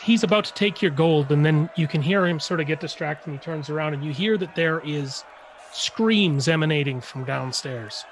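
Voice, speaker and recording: A man running a tabletop game as game master, narrating in a relaxed, drawn-out way. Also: on the high side, slight background noise.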